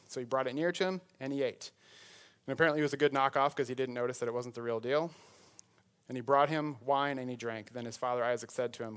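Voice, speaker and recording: A man's voice: mid-range voice, brisk. A man preaching a sermon in a conversational way, breaking off into joking asides. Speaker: pastor.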